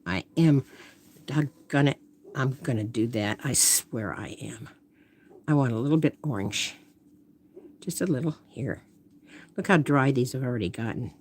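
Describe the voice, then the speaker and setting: A woman's voice: extremely low pitch, a little mellow. A woman artist chatting casually during a live painting stream, thinking aloud and trailing off into murmurs.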